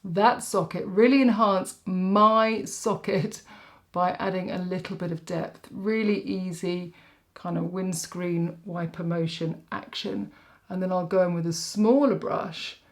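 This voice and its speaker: A makeup artist rambles chattily through a tutorial, poking fun at herself as she works. Her voice is fairly low and a little mellow.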